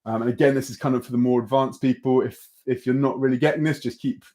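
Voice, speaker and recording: Young guy running a beatbox lesson online, chill and encouraging, lots of ums, normal pitch. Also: fast, noisy background. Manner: relaxed, encouraging, full of fillers and restarts. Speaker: beatbox teacher.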